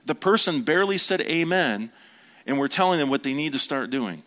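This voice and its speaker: A man's voice: a little high, fairly quick. Man preaching in a chatty, storytelling way. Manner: relaxed, storytelling, playful asides. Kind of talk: conversational sermon.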